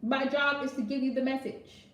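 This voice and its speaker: Blunt high-voiced woman reader. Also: fairly even intonation, normal speed, echoey room. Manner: blunt, emphatic, repeats her point with "right?". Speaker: tarot reader. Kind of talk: casual advice vlog.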